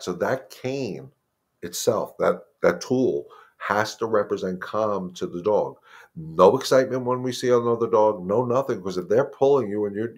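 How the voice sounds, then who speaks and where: A man's voice: fairly low pitch, slightly rough. A man, the head dog trainer, giving plain-spoken, emphatic advice in a casual live Q&A and often repeating words as he thinks.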